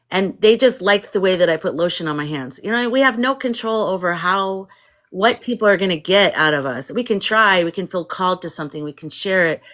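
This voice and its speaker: A woman's voice: fairly low pitch, fairly bright tone. A woman hosting a casual spiritual livestream, talking chattily, laughing often and acting out what people say. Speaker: livestream host.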